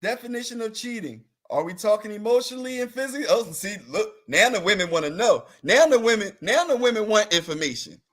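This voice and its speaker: A man's voice: high voice, lively intonation, quick pace, hardly any pauses, fairly bright tone. A man chatting casually on a talk show, playful and teasing, laughing often and drawing out words for emphasis. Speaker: talk show guest answering live comments. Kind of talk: casual comedic chat.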